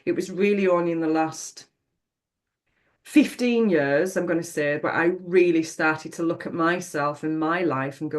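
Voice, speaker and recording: A woman's voice: low-pitched, moderate pace. Frank middle-aged woman. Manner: reflective, frank, swears casually. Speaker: podcast guest. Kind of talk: candid personal storytelling.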